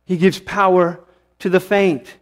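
A man preaching a sermon as pastor, impassioned, swelling to emphatic peaks and then dropping to a hush. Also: sits high, flat delivery, a little slow, long reverb tail. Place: church sanctuary.

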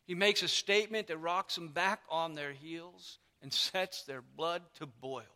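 High, bright-voiced man preaching in a church. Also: a little slow. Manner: animated teaching, explaining and emphasizing. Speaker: pastor. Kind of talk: sermon. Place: church sanctuary. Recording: long hall reverb.

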